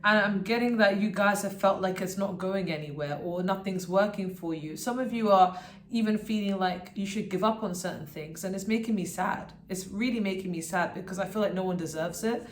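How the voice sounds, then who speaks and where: A woman's voice: medium pitch, fairly quick, roomy sound. A woman giving a pick-a-card tarot reading to her viewers. She talks in a rambling, earnest way and keeps checking in with "okay?". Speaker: tarot reader.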